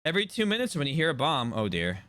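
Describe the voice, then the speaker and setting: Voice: medium pitch, big pitch swings, quick pace, fairly bright tone. A co-commentator on a live game stream, laughing often and teasing the player. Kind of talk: casual live-stream banter.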